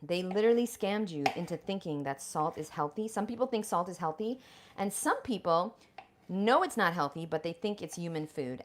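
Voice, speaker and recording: A woman's voice: lowish voice, expressive, moderate pace, noisy background. A woman vlogger chatting bluntly and profanely with viewers while preparing food in her home kitchen. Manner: chatty, addresses viewers directly. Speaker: raw vegan lifestyle vlogger. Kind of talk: casual livestream chat while cooking.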